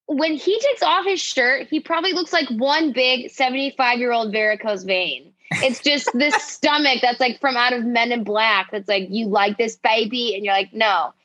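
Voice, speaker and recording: A woman's voice: a little high, moderate pace, bright, forceful tone, no echo, rough recording. A woman co-hosting a casual recap podcast, talking bluntly and profanely and cracking jokes. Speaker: podcast co-host. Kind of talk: casual reality-TV recap chat.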